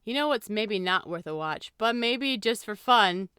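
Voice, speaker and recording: A female podcast co-host in casual movie chat, playful and quick to laugh. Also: mid-range voice, expressive, pushed and bright, smooth, dry recording, clean studio sound.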